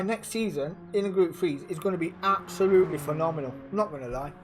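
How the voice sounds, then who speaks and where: A man hosting and commenting on a race league, chatty and excitable, using slang and talking to his viewers. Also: on the high side, fast, over music. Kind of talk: casual live-stream race commentary.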